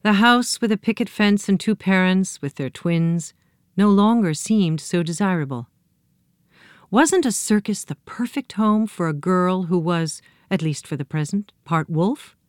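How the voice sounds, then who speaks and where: A woman narrating a children's storybook with a gentle, expressive reading. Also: on the low side, a little slow, no echo, clean studio sound.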